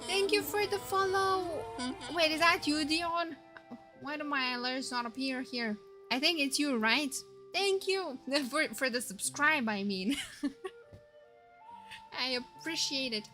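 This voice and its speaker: A woman's voice: high voice, measured pace, pushed and bright, faint music behind. A young woman streaming a game, chatting casually and playfully with her viewers. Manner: giggly and playful, reacting to chat. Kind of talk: casual live-stream commentary.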